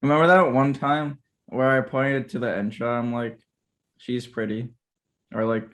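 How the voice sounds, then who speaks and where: A man's voice: mid-range voice, normal speed, fairly bright tone. A man hosting a podcast over a video call, chatting casually and rambling, often stumbling and restarting his words. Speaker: podcast host. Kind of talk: casual chat.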